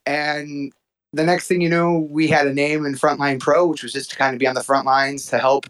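A man who promotes wrestling shows, calling in as a guest on a podcast. He talks in an upbeat, energetic way, jokes about himself and is a little out of breath. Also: a little high, normal speed, clear, resonant tone, rough recording. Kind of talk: phone-in interview. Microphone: phone call-in.

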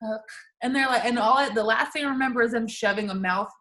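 A woman's voice: on the high side, quick pace, roomy sound. A woman telling a personal story in casual chat, laughing and acting out what people said. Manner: animated, laughing storytelling with voiced quotes.

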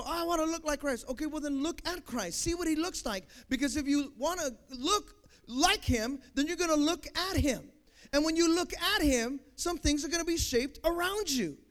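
Young male pastor, very high-pitched, preaching with emphatic swells and soft asides. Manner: preaching, rising to loud emphatic peaks then dropping soft. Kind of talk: sermon.

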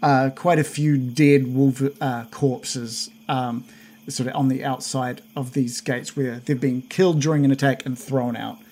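Acting as game master for a tabletop session, a man stumbles through his narration, restarting often and leaning on fillers. He speaks in a mid-range, slightly mellow voice with fairly even intonation.

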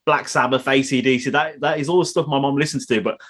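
A man's voice: medium pitch, steady tone, fast talker, a bit bright. A man co-hosting a casual podcast chat, laughing along with his guest.

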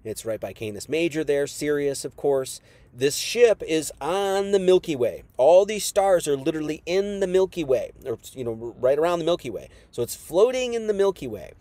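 A man's voice: on the high side, expressive, normal speed, dark tone, no echo. A man preaching a casual Bible teaching, emphatic and conversational, full of asides and restarts.

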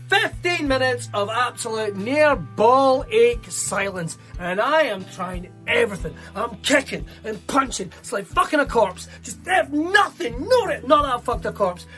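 Sweary Scottish stand-up comedian. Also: male voice, very high-pitched. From Scotland. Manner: sweary, animated storytelling. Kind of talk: stand-up routine.

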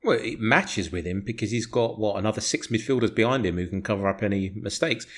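A man's voice: fairly low pitch, lively intonation, fast talker. A man argues his case on a casual football podcast. He talks with heat and conviction, swears freely, and keeps pushing his point. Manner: passionate, argumentative, swears freely. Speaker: podcast co-host.

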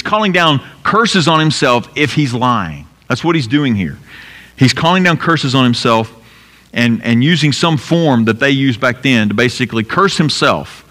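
A male pastor delivers a sermon in a large hall with a long reverb tail trailing each phrase. His voice sits at an ordinary middle pitch, and he talks earnestly, climbing to emphatic peaks before falling low and quiet for weight. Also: expressive, moderate pace.

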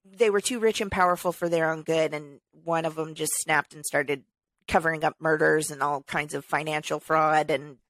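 A woman with an American accent co-hosting a podcast, relaxed and chatty, laughing often. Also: deep voice, normal speed. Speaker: podcast co-host. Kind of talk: casual chat.

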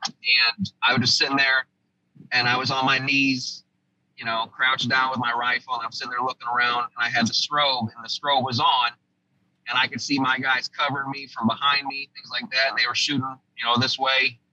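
A man's voice: medium pitch, flat delivery, a little fast, pushed and bright, highs cut off, a little hiss or hum. A man from the United States, a former army sergeant and podcast guest, telling a vivid first-person war story in casual interview talk with frequent restarts.

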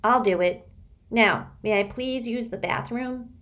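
A woman's voice: a little high, measured pace, fairly bright tone, voice pushed up. A woman voicing a shy, anxious young boy who speaks hesitantly. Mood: timid. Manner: hesitant, muffled.

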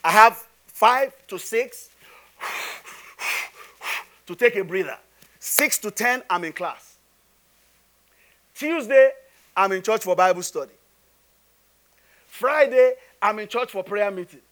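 A man's voice: high-pitched, lively intonation, takes it slowly, long pauses, fairly bright tone. A man preaching a sermon as a pastor, conversational and humorous, pressing the congregation with rhetorical questions.

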